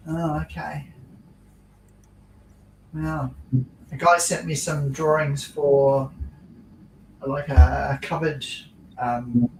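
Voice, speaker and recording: A man with a slightly high voice chats slowly on a group video call. He sounds distant from his mic. The room echoes, and steady noise runs underneath. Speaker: call participant. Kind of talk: casual video call chat.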